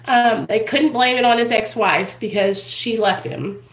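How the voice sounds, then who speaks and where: A woman's voice: a little high, a little slow. Chatty woman vlogging in an echoey room. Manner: rambling, chatty, addresses viewers as "you guys". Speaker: vlogger in addiction recovery. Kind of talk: casual storytelling to camera. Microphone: built-in camera mic.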